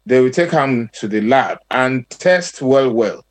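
A Nigerian man, a guest doctor, calmly explaining blood types and mixing in Pidgin. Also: medium pitch, a little slow. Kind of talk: explanatory talk show answer.

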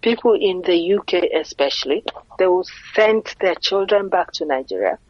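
A woman speaking earnestly in a conversational interview, explaining her view and pausing to rephrase. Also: fairly low pitch, animated, no room sound, lo-fi sound.

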